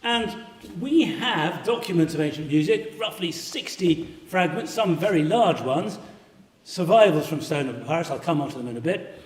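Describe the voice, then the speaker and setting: A man lectures on classics to a live audience, keeping it animated and slipping into brief sung demonstrations. His voice sits slightly high for a man. It arrives from far off, washed in the long reverb of a large hall. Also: moderate pace. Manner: animated, sings short pitch examples to illustrate. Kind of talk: live public lecture with slides. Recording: echoey hall, voice picked up from afar.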